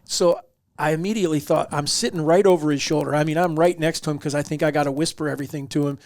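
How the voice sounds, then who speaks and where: A man's voice: a little high, fast, no room sound, clean studio sound. A man hosting a hunting podcast, telling a casual story and acting out the quotes. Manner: animated, acts out quotes in the story. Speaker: podcast host.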